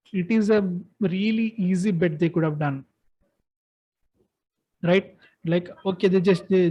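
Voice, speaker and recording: A man in casual chat, giving excited, rambling opinions with frequent restarts as he ranks films. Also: sits high, dull audio. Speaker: co-host ranking films.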